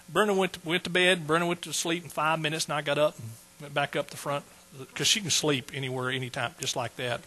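Male preacher, folksy and emotional, bright raspy voice, mains hum on the recording. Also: on the high side, quick pace, poor audio. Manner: folksy, emotional storytelling with fillers. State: close to tears. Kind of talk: sermon testimony.

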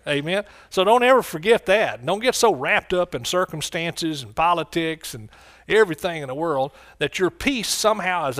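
Emphatic male preacher from the US, slightly high voice, repeats lines, calls to the crowd. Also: fairly bright tone. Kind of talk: sermon.

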